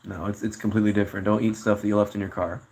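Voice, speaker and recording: A man's voice: lowish voice, level tone, very fast, vocal fry, a little mellow. A young man casually chatting on a live stream, reading chat messages aloud and answering them in a laid-back way.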